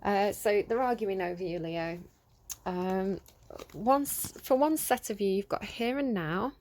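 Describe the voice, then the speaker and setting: A woman chats through a tarot reading, recorded on a phone. She talks in a loose, rambling way with many ums and side remarks. Her voice sits at a middling pitch. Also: unhurried, a little mellow. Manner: chatty and rambling, many fillers. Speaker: tarot reader. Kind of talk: casual tarot reading to camera.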